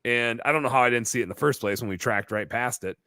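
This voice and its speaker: A man telling a long story as a podcast guest, animated and full of fillers in casual chat. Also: medium pitch, fast talker, clean tone, no room sound. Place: bar-themed podcast set.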